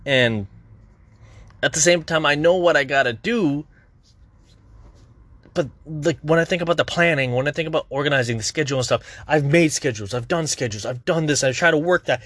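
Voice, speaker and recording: A man's voice: fairly high pitch, a little fast, a bit bright, no echo. A young man talking through his worries in a candid, rambling vlog, swearing often. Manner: rambling, restless, swears a lot. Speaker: content creator. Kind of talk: candid personal vlog monologue.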